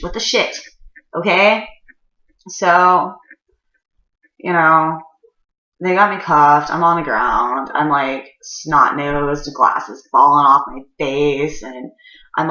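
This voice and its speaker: A woman's voice: low voice, bright, forceful tone. A woman telling a personal story in a casual, profane, rambling way with many fillers. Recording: roomy, slightly dull recording.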